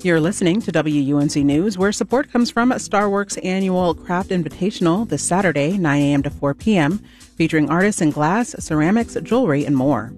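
A radio station announcer reading sponsor credits and station messages in a smooth, even way. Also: medium pitch.

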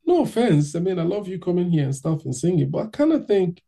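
Guy doing a chummy karaoke host, pitched way up, coaxing, a bit husky. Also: very animated, quick pace, warm tone, full character voice. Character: friendly male karaoke host giving advice.

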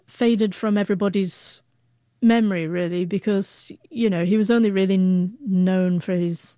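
A woman's voice: mid-range voice, dark tone, dry recording, studio quality. A woman in her forties, a guest telling a heartfelt personal story, who stutters and breaks off the starts of words. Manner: heartfelt, reflective.

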